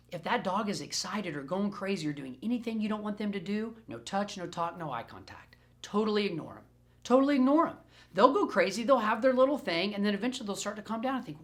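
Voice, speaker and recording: A man who trains dogs, answering questions in a recorded group session in an animated, playful way and repeating phrases for emphasis. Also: high-pitched. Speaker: dog trainer. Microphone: self-recorded camera.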